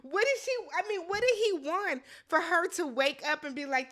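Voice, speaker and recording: Female recap host, high and bright voice, animated, blunt, exclaiming. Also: normal speed. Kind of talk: casual recap commentary.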